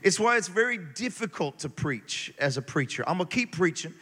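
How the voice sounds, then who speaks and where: Male preacher, higher voice, animated sermon delivery, reverberant hall sound. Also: brisk. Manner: animated, swings from quiet reading to loud exhortation.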